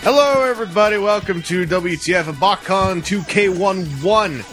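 Guy hosting a convention podcast, bit higher voice, lots of uhs, faint music behind. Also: fairly bright tone. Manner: halting, many fillers and restarts. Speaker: podcast host. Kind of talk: casual chat. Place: fan convention hotel. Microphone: handheld mic passed between speakers.

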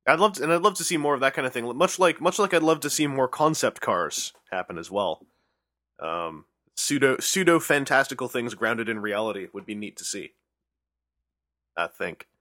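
A man's voice: mid-range voice, animated, moderate pace, sharp tone, no echo, studio quality. A man co-hosting a casual podcast, talking with enthusiasm and rambling through fillers. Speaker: podcast co-host.

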